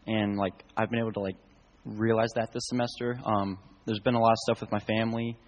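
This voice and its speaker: A young man sharing a casual faith testimony, soft-spoken and full of fillers. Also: lowish voice, level tone, a little fast, big-room sound, muffled recording.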